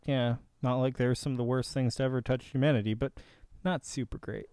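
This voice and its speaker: A man hosting a heated reaction video, sarcastic and combative, his voice jumping from loud jabs to low grumbles. The sound is dry and close, with no room around it. His pitch sits in an ordinary middle range. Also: steady tone, a little fast, smooth, no room sound. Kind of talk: ranting reaction commentary.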